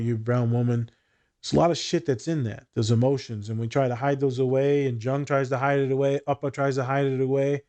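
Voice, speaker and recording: A man's voice: medium pitch, darkish tone. A man co-hosting a casual podcast chat, telling blunt, profane stories about his work as a therapist.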